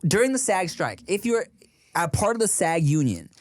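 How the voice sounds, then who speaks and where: A man's voice: high-pitched, big pitch swings, normal speed, no echo, clean studio sound. A man co-hosting a casual podcast, talking in slang and giving strong opinions. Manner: slangy, opinionated, says dog and bruh. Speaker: podcast co-host.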